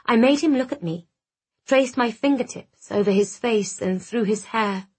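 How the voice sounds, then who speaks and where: A woman reading a first-person romance novel aloud, with soft, intimate narration and acted dialogue. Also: fairly high pitch, moderate pace, breathy edge. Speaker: audiobook narrator.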